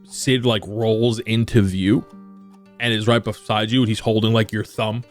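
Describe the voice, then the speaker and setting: A man narrating as game master of a tabletop game, describing scenes in a rambling, animated way. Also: on the low side, a little slow, faint music behind.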